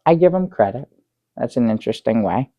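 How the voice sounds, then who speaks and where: Guy doing a rambling talk show guest, lots of restarts, dry close sound, dark voice. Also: mid-range voice, animated, no echo, natural voice. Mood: dry, halting. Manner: rambling, halting, with many restarts and fillers. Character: bumbling middle-aged man telling a tall tale. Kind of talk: improvised sketch comedy.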